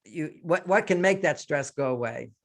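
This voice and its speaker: A man's voice: on the high side, lively intonation, normal speed, vocal fry. An older man speaks in a slightly raised register, giving relationship advice in an interview. He explains his points by acting out short lines that people might say. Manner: explains with quoted example lines. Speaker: relationship author and guest.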